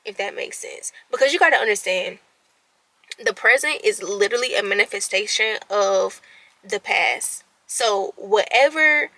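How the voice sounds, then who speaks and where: A woman's voice: mid-range voice, unhurried, no room sound. A woman in her twenties venting candidly to camera, anxious and stumbling over her words, then rallying herself with tough-love self-talk. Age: 20s. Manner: animated, self-talking, swings between quiet and loud; stutters and restarts when anxious. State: anxious and nervous. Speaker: vlogger.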